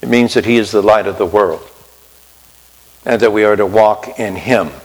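A man's voice: on the low side, moderate pace. A man preaching a sermon in a conversational way, often asking his listeners questions. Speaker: pastor. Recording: long reverb of a hall.

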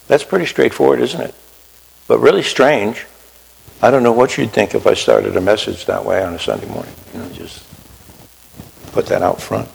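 A man's voice: on the low side, moderate pace, gravelly, pauses often, slight background noise. A man preaching a sermon in a conversational way, often asking his listeners questions. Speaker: pastor. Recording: long reverb of a hall.

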